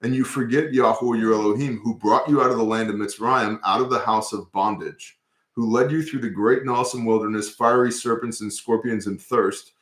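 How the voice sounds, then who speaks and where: A man hosting a casual talk about scripture, telling stories in an animated, profane way. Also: mid-range voice, a little fast, reverberant.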